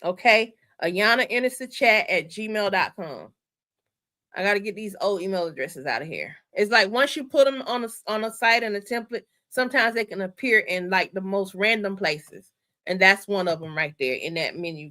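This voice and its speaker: A bright, forceful-sounding woman hosts a casual livestream. She talks straight to her viewers, excitable and chatty, and keeps repeating her instructions so nobody misses them. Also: medium pitch, moderate pace. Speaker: channel host. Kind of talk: casual livestream store walkthrough.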